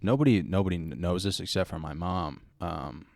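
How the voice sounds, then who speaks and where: A man's voice: sits low, fairly quick, vocal fry, darkish tone, no echo, clean studio sound. A young man, hosting a podcast and rambling through a story in loose, casual chat. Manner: rambling storytelling with many likes and mans. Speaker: podcast host.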